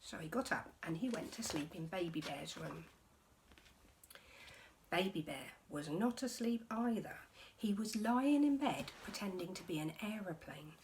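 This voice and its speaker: A woman teacher reading a picture book aloud to her class, expressive, with soft whispered passages. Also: on the low side, a little slow, a little hiss or hum.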